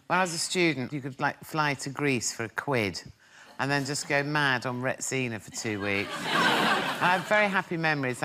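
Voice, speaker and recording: A woman comedian on a panel show, telling crude anecdotes in a deadpan manner. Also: a bass voice, very noisy.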